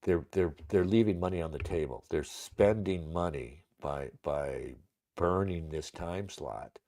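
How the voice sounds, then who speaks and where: Very deep gravelly-voiced man. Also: a little slow, darkish tone. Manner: rambling, with many fillers and profanity. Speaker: livestream host. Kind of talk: casual livestream commentary.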